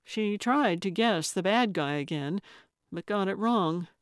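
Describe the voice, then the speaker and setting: A woman narrating a cozy mystery audiobook in a measured storytelling manner. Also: mid-range voice, lively intonation, no echo, studio quality. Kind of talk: scripted narration.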